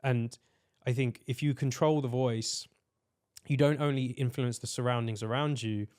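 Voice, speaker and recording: A man's voice: medium pitch, fairly even intonation, moderate pace, darkish tone. Earnest man musing on voice. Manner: earnest, searching, many "like" fillers. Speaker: podcast guest, voice artist. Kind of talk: reflective conversational explanation.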